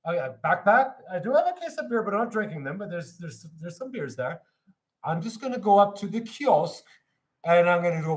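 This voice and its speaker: A man chatting while getting ready to cut hair, telling a long funny story with loud, laughing punchlines. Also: sits high, fairly quick. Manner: animated, laughing storyteller who shouts punchlines. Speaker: hairdresser. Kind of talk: casual storytelling chat.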